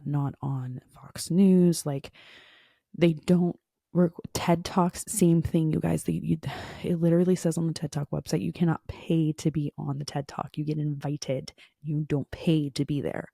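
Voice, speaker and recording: Gravelly, dark-voiced woman venting. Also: low-pitched, moderate pace, dry recording, studio quality. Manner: frustrated, animated storytelling with many fillers. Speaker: podcast host. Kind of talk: casual monologue.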